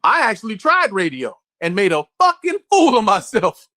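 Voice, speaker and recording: A man gives a candid interview in a swearing, animated, storytelling way. His pitch rises and falls freely. The sound is dry and close, with almost no room echo. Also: normal speed. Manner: blunt and profane, animated storytelling. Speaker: actor, interview guest.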